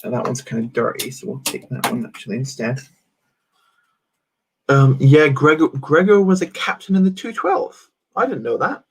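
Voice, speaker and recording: A man's voice: medium pitch, expressive, normal speed, husky. A young man chatting casually on a live stream as he builds, reading out chat messages with many fillers and restarts. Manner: rambling, reads chat aloud, many fillers.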